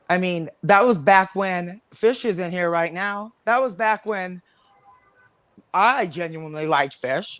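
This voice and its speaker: A woman's voice: fairly low pitch, no room sound. A woman on a livestream panel, delivering an angry, confrontational rant full of swearing.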